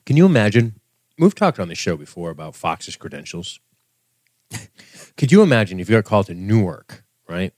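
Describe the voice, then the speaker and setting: A man's voice: lowish voice, very animated, normal speed, a little mellow, dry recording, studio quality. Laughing, swearing podcast man. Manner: laughs often, swears freely, rambling. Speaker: podcast co-host. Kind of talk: casual chat recapping a TV episode.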